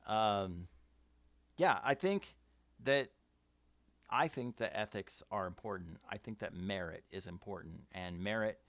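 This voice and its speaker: A man's voice: lowish voice, lively intonation, measured pace, no echo. A man hosting a casual livestream, giving firm opinions and reading out viewer comments. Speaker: livestream host. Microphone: webcam setup.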